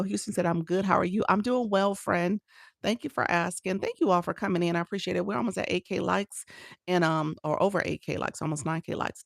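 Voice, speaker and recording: A woman's voice: on the low side, creaky, dry recording, studio quality. A woman coach chatting with viewers on a live stream, laughing often and greeting people by name, speaking into a phone. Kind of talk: casual TikTok live chat.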